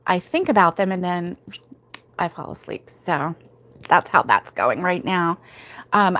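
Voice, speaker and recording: A woman hosting a casual crochet livestream, rambling and laughing as she answers viewers' comments, sleepy and yawning, talking from home. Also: fairly low pitch. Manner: chatty and rambling, many fillers, laughs often.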